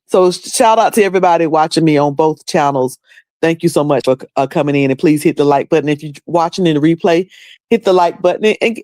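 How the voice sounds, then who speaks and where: A woman's voice: deep voice, a little mellow, no room sound, clean studio sound. A woman with a North Carolina accent chatting casually on her livestream, rambling with many fillers and restarts. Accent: Southern US, North Carolina. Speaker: livestream host.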